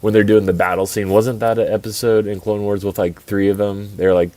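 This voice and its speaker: A man's voice: lowish voice, little pitch movement, a little fast, mellow. A man co-hosting a casual podcast, rambling and mocking, full of restarts. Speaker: podcast co-host. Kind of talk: casual chat.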